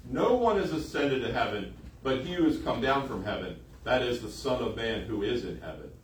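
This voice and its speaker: A man's voice: mid-range voice, animated, moderate pace, a little hiss or hum. A man preaching a sermon in an emphatic way, repeating phrases for emphasis. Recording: echoey room, voice from a distance.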